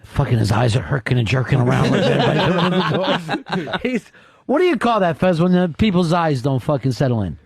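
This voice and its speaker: A man's voice: fairly high pitch, big pitch swings, normal speed, gravelly, breathy edge. A man hosting a radio show in casual, profane, mocking talk. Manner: profane, mocking, puts on voices in quotes. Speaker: radio host.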